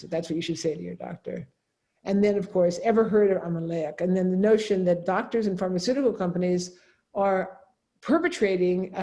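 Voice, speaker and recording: A middle-aged woman, a professor of religion and ethics, giving a seminar lecture in a conversational way, often checking in with a quick "right?". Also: mid-range voice, mellow.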